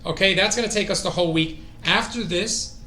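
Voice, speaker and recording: Hyped guy streaming his language practice, high bright voice, echoey room. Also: brisk, faint music behind. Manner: excitable, thinks aloud. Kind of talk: casual self-study stream.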